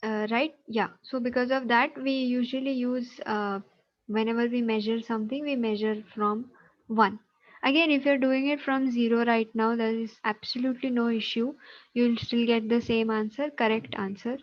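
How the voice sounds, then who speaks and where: A woman with an Indian English accent teaches an online class, explaining steps patiently and often checking whether her students follow. Her voice sits fairly high. The sound is dull and lo-fi, like video call audio. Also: steady tone, normal speed. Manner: patient, explanatory, checks understanding with tag questions.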